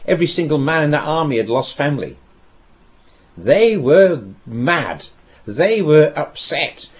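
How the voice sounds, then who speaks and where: A man preaching a sermon, telling a scripture story with dramatic pauses and repeated phrases. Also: on the high side.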